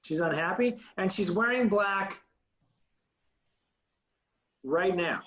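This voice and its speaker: A man's voice: sits high, takes it slowly, a bit bright, lo-fi sound. A man teaching an acting class, coaching students and demonstrating lines aloud. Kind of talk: online acting class instruction.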